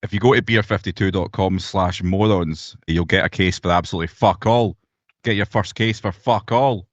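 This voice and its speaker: A young Scottish man co-hosts a casual podcast over a video call, ranting animatedly in a blunt, sweary way. His voice sits low and moves at a moderate pace, and the recording is dry and muffled.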